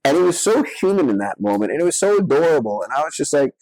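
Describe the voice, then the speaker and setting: A man's voice: on the high side, sing-song, fast talker, a little mellow, no room sound. A middle-aged man, a guest on a podcast interview, telling rambling anecdotes full of filler words. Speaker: guest, actor and filmmaker.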